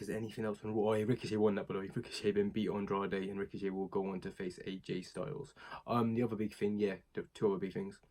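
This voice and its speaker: A man's voice: lowish voice, a little mellow. A young British man casually recapping a wrestling show, rambling and chatty, with many fillers and asides. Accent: British English.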